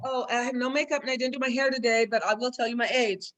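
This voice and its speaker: A woman in her seventies on a laptop video call, telling a story in an excited, chatty way. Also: on the high side, quick pace. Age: 70s. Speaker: community member sharing a testimonial. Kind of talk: casual group video call. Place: relative's home with people around.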